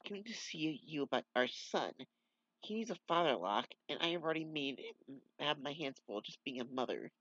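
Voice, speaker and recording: A woman's voice: low-pitched, animated, normal speed, a bit bright, no room sound, muffled recording, pitched above the performer's own voice. A man reading as a stern reproachful mother. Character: stern mother demanding the father step up.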